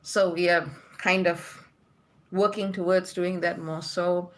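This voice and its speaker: A woman's voice: lowish voice, flat delivery, takes it slowly. A woman from Malaysia hosting a spiritual livestream in a casual, chatty way, reading out viewer comments and laughing often.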